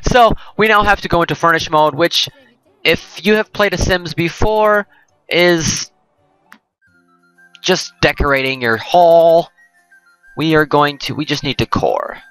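A man's voice: fairly high pitch, unhurried, long pauses, a bit bright, clear, resonant tone, dry recording, soft background music, low-quality recording. A man hosting a let's play, giving rambling, jokey gameplay commentary and often correcting himself.

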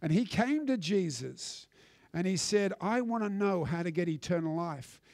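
High-voiced man preaching a sermon. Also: lively intonation, moderate pace, a little mellow, no echo, studio quality. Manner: emphatic preaching with repeated restarts. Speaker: pastor. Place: church.

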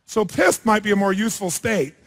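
Blunt high-voiced man coaching in a hall. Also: brisk, gravelly, a little hiss or hum. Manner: blunt, provocative, swears freely. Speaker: seminar leader coaching a participant on stage. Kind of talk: live seminar coaching. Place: large hall with audience. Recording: long hall reverb.

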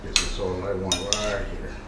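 A man's voice: sits low, measured pace, very noisy. Chatty man in an echoey kitchen. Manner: relaxed, chatty, talks while eating. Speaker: cooking channel host. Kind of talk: casual cooking vlog.

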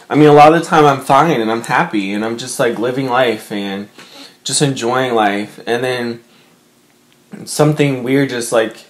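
A young man vlogging from his bedroom, chatting to his viewers in an emotional, rambling way with lots of fillers. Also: medium pitch. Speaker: mukbang vlogger. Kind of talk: casual chat to camera.

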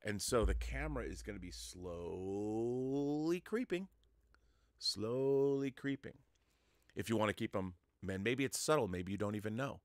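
A man's voice: lowish voice, fast talker, few pauses, no room sound, studio quality. A man hosting an online show, explaining film-making to his viewers in a lecturing, conversational way. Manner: talks straight to the viewer, lecturing with examples. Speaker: host.

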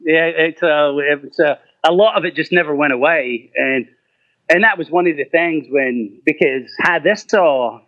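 Profane middle-aged rock singer telling stories. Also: male voice, fairly high pitch, normal speed, no room sound. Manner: profane, laughing, acts out quoted voices. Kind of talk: casual storytelling. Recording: muffled, lo-fi, dry.

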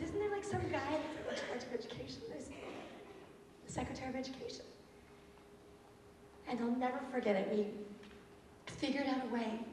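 A woman's voice: on the high side, slight background noise. A woman in her thirties, a teacher giving a lecture, telling stories animatedly and acting out her students' lines. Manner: animated, acts out students' quotes. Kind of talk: storytelling talk. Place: university auditorium. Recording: echoey hall from far off, lo-fi tape.

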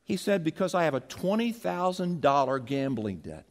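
Man, pastor, sermon, high voice, very expressive pitch, animated delivery. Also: moderate pace. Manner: animated, acts out quotes with big pitch jumps, has congregation repeat lines.

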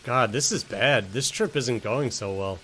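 A man's voice: medium pitch, a little slow, bright, forceful tone, a little hiss or hum. A young man commentating on a video game, joking, swearing and talking to the characters on screen. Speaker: gaming streamer.

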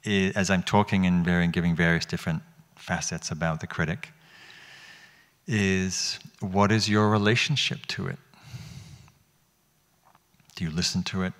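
A man's voice: sits low, steady tone, moderate pace, pauses often, fairly bright tone. A man teaching meditation to an audience in a hall, speaking reflectively and asking them questions, often restarting his phrases. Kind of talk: dharma talk.

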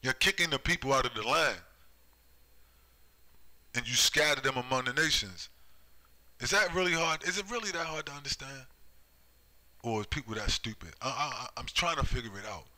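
Male preacher, fiery and repetitive, very bright edgy tone. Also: medium pitch, animated, fast talker, low-quality recording. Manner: heated, repetitive, rhetorical "right?" tags. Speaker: online preacher. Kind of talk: street-style scripture commentary.

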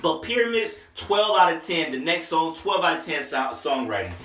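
Young male reviewer, casual and excitable, slangy talk, bright voice, echoey room, off-mic. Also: fairly high pitch, normal speed, distant mic, a little hiss or hum. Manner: excited, slangy, sings snippets along with the tracks. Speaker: music reviewer.

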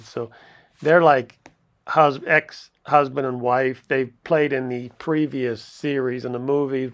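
A male movie reviewer talks through a film in a loose, rambling way, often breaking into chuckles. His voice has a gravelly, fried texture at a middling pitch. He sounds like he is recording casually at home. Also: a bit bright. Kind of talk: casual video review commentary.

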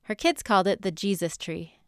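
Smooth-voiced woman podcast host. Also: medium pitch, expressive, brisk, no room sound, clean studio sound. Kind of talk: scripted podcast narration.

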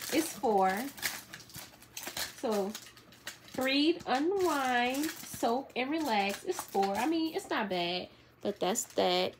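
A young woman of about nineteen, chatting casually and upbeat to camera in a vlog, loose with fillers. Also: a little high. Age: young adult, about 19. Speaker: vlogger. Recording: noisy phone recording.

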